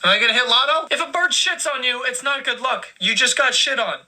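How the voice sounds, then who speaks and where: A man's voice: very high voice, lively intonation, fairly quick, pushed and bright. A young man giving crude, profane, sarcastic commentary that roasts people for laughs. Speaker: comedy commentator. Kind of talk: mocking comedic commentary.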